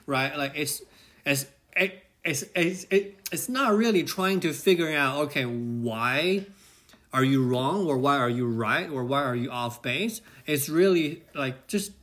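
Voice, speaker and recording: A man's voice: on the high side, animated, a little slow, fairly bright tone. Rambling man musing on a podcast. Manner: rambling, frequent "right?" tags and restarts. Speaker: podcast host. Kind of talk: reflective solo podcast talk.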